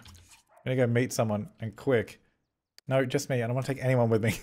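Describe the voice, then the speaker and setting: Guy narrating his game, freaks out a lot, voice jumps all over, mid pitch. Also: unhurried, long pauses. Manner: excitable, frets aloud and talks at the game characters. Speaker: gaming video host. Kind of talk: let's play commentary.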